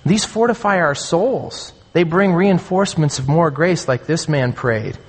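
A man preaching a sermon as a pastor, earnest and emphatic, slowing down to stress key phrases. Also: a little high, animated, slightly rough. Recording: long hall reverb.

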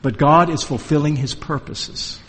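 Male preacher, high voice, emphatic sermon style, long hall echo. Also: normal speed, husky. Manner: emphatic, asks rhetorical questions.

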